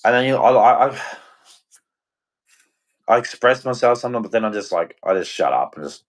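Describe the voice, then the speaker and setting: A man's voice: lowish voice, expressive, brisk. A man hosting a livestream, ranting in a rambling, frustrated and heartfelt way. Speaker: livestream host. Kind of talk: casual ranting monologue.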